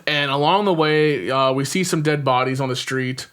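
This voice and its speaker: A man's voice: medium pitch, moderate pace, fairly bright tone. Man casually recapping a film. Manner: rambling retelling with frequent ums and chuckles. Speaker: podcast host.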